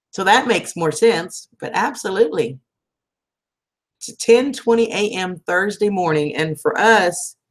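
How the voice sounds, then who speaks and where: A woman, hosting a casual livestream and chatting affectionately with viewers, calling them sweetheart and hon. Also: fairly low pitch. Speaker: livestream host.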